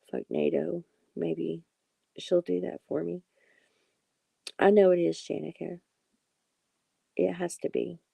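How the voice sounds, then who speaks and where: A woman's voice: on the low side, gravelly, warm tone, breathy edge, no echo. A woman hosting a late-night tarot live stream, chatting casually and reassuring her viewers by name.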